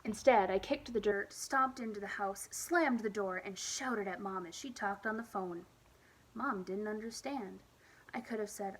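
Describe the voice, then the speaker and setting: A woman reading a children's picture book aloud at storytime, with expressive, lively emphasis. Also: medium pitch, unhurried, slight background noise, low-quality recording. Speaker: storytime reader.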